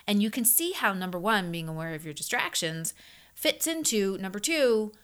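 A woman's voice: medium pitch, sing-song, moderate pace, fairly bright tone. A middle-aged woman, a leadership coach, talking casually and earnestly, repeating herself with many fillers. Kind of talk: casual podcast talk.

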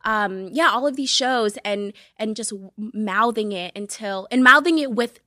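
A young woman from Cape Verde, a native Portuguese speaker, chatting animatedly in a studio. Her voice sits a little high and sounds bright and forward. The room is dry and close to the mic. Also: a little slow, no echo. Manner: animated, swearing, laughs often. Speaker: guest. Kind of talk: casual chat.

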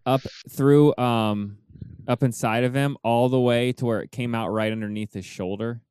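Dude hosting a stream, smooth clear voice, dry sound, lots of ums. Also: male voice, medium pitch, moderate pace, no room sound. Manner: relaxed, hesitant, many fillers. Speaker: host. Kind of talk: casual live-stream chat.

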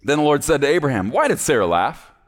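A man preaching a sermon in a church, playful, swinging between loud emphasis and hushed asides. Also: a little high, big pitch swings, fast talker. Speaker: pastor.

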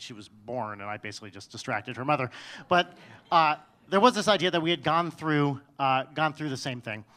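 A man's voice: on the high side, bright, forceful tone. A man telling a personal story on stage in a wry, self-mocking way, often restarting his sentences.

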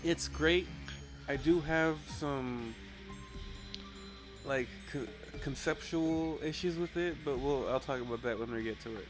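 A man chatting casually as a podcast co-host, recapping a comic chapter, loose and quick to laugh. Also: a little high, music in the background. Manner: laughs often, loose, full of fillers.

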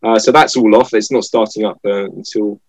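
A man chatting as a guest and telling anecdotes with animated voices. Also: fairly low pitch, brisk, no room sound. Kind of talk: casual chat.

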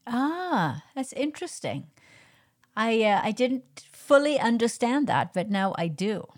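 A woman's voice: fairly high pitch, sing-song, a little slow. Curious woman podcast host. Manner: curious, asks direct questions. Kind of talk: podcast interview.

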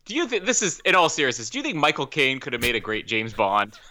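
A man's voice: medium pitch, huge pitch swings, fast, sharp tone. A man co-hosting a casual film commentary podcast, full of giggly, playful banter. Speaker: podcast co-host.

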